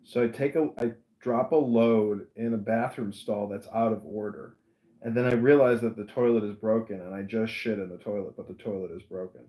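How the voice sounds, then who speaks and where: A man's voice: fairly low pitch, fairly quick. Man telling a story in an echoey room. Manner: animated storytelling, acting out voices. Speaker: podcast host. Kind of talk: casual storytelling chat. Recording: roomy echo.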